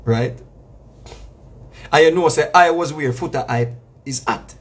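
Husky high-voiced Jamaican man preaching. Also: a little slow. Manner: preachy, repetitive, emphatic with slang asides. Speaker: reggae artist. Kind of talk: casual spoken monologue.

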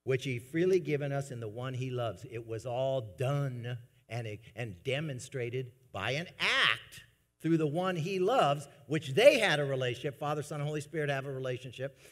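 A man's voice: medium pitch, expressive, moderate pace. Emphatic man preaching in a reverberant church. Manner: dynamic preaching, swinging from soft asides to loud emphatic bursts. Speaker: pastor. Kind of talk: sermon. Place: church sanctuary.

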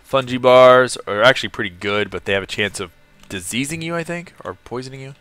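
A man's voice: medium pitch, a little fast, fairly bright tone, clean tone, no room sound. A man from California live-streaming a game, chatting casually, laughing often and greeting viewers in the chat.

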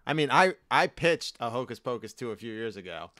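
A man's voice: medium pitch, very animated, fairly quick, a bit bright, no echo, studio quality. A man co-hosting a podcast, joking and laughing as he chats casually. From US East Coast. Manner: jokey, laughs often, does silly voices. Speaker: podcast co-host.

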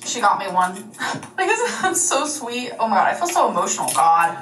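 A woman's voice: a little high, sing-song, moderate pace, a bit bright, a little hiss or hum. A woman in a casual vlog showing off gifts, chatty and gushing. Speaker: vlogger. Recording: roomy clip from far off the mic.

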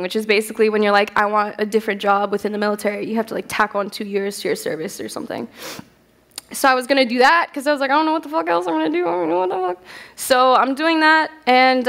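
A woman's voice: fairly high pitch, a bit bright. Candid, profane young woman speaker. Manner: candid, profane, laughs often. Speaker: festival speaker. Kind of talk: casual stage talk, storytelling. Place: stage at a festival hall.

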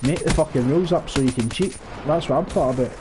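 A young gaming streamer plays a shooter at home on a headset, his fairly high voice moving at a quick pace over background noise. His casual commentary is sarcastic and sweary, and he laughs often.

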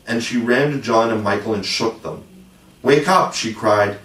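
Audiobook reader: man, measured and gentle, lowish voice, echoey room, mic kept at a distance. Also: steady tone. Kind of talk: storybook narration.

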